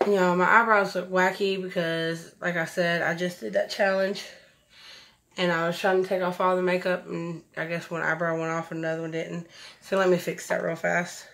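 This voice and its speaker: A woman's voice: lowish voice, level tone, normal speed, vocal fry, a bit bright. A woman, chatting effusively through a makeup tutorial, recorded at home on a camera mic. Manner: chatty, effusive, says y'all a lot. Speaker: beauty vlogger. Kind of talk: casual makeup tutorial chat.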